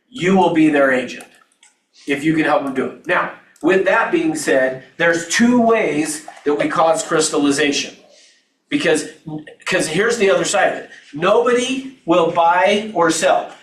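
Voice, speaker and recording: A man leads a live training class, talking loosely and restarting his sentences as he explains. His voice sits a bit high for a man. He stands well back from the mic in an echoey training room. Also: fairly bright tone, far from the mic. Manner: conversational, with restarts and asides. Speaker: real estate trainer.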